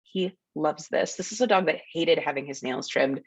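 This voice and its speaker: A woman's voice: low-pitched, normal speed, breathy edge, no echo. A woman dog trainer giving a workshop, explaining video clips in a friendly, casual way. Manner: friendly, explanatory, narrates clips with ums and laughs. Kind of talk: educational webinar talk over video clips.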